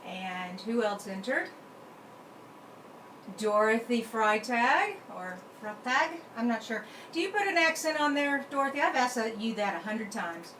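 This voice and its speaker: Woman, chatty live-stream host, slightly high voice, echoey room, faint noise. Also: big pitch swings, normal speed, fairly bright tone. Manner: chatty, talks to herself while working the computer. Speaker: card-making channel host. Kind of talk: casual live stream chat.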